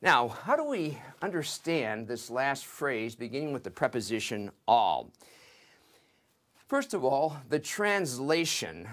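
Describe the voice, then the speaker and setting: Slow, methodical older male Bible teacher. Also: medium pitch, very animated, a bit bright. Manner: slow, measured and methodical, explaining word by word. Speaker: seminary professor. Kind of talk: scripture lesson, working through Hebrew text.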